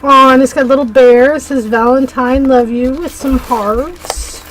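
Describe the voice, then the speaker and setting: A woman talks casually to her viewers as she unboxes crafting supplies at home. She gushes readily, and her voice sits slightly high. A faint room ambience hangs behind her. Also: steady tone, noisy background. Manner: chatty and effusive, quick to gush. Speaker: craft vlogger. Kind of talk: casual chat while unboxing mail.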